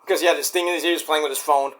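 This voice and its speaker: A man casually reviewing a wrestling show on his own, talking in an animated way, swearing often and breaking into shouted impressions. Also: a little high, very fast. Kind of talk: casual solo review rant.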